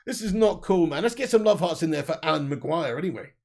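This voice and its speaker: A young man with a gravelly, slightly high voice chats through a football livestream. He talks bluntly and swears a lot, addresses his viewers directly and reads out comments from the live chat. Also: animated, fast, a little mellow. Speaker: football channel livestream host.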